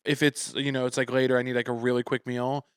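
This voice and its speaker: A man hosting a casual comedy podcast, telling stories with animated mock outbursts. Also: medium pitch, fast talker, clear, resonant tone, no room sound, clean studio sound. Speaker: podcast host.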